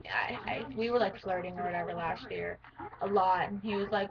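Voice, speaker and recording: Teen girl vlogger, creaky fry in the voice, filler-heavy rambling, dull recording with crowd chatter behind. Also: lowish voice, fairly even intonation, brisk. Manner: rambling, lots of "um" and "like", restarts. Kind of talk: casual talk to camera about herself.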